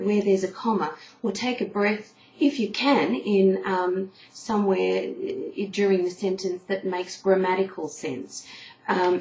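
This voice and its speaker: A woman's voice: mid-range voice, darkish tone. A woman giving a singing lesson on camera, explaining breathing patiently and showing the sounds herself. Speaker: singing teacher. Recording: echoey room with faint noise.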